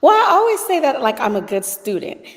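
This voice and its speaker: A woman's voice: sits high, very animated, a little fast, big-room sound. A woman in her thirties, a guest in a casual interview, chatty with frequent laughs and fillers.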